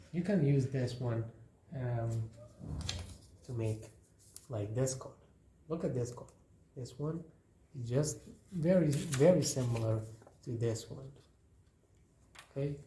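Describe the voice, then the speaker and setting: A craft tutorial host, male, guides viewers through a paper project in a hands-on demonstration, talking as he folds in a relaxed, repetitive, unhurried way. His mellow voice sits at medium pitch and moves slowly. The recording has a roomy echo and a faint hiss.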